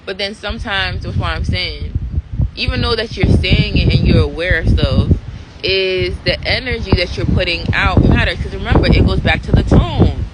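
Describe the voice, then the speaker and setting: A woman's voice: fairly low pitch, normal speed. Woman musing aloud over background noise. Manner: conversational, full of fillers and "right?" check-ins. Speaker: vlogger. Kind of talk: casual reflective monologue.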